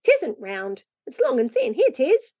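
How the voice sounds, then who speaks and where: A woman voicing a small, excited young boy who squeals his lines. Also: high voice, measured pace, dry recording, studio quality, pitched above the performer's own voice, heavily acted.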